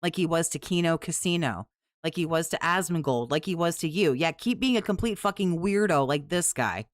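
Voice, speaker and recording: A woman's voice: lowish voice, animated, brisk, no room sound. A woman hosting a commentary channel, cutting into clips with profane, sarcastic, scornful remarks. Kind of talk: mocking clip commentary.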